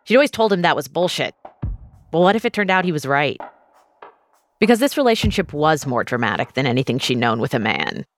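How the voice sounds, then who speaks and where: A woman host narrating a true story in a measured, scripted style and interviewing her guest. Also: low voice, sing-song, faint music behind.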